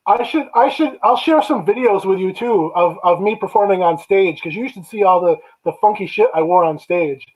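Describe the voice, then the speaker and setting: A man's voice: high voice, moderate pace, few pauses, a little mellow, poor audio. A male guest, a songwriter and performer, talking easygoingly in casual chat.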